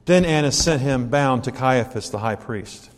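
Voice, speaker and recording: A man's voice: medium pitch, moderate pace, long reverb tail. A man preaching a sermon in a church, reading scripture and asking rhetorical questions in a conversational way, stopping often to correct himself.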